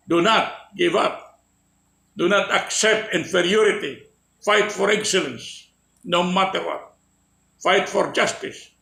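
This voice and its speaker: Male orator, impassioned and emphatic, with a heavily gravelly voice. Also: high-pitched, pushed and bright, reverberant, low-quality recording. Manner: oratorical, slow emphatic declarations. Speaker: political speaker. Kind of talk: impassioned speech.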